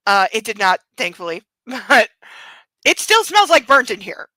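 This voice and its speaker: Bright, chatty woman host. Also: a little high, sing-song, measured pace, no echo, poor audio. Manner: chatty and self-amused, with frequent laughs. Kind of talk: casual chat.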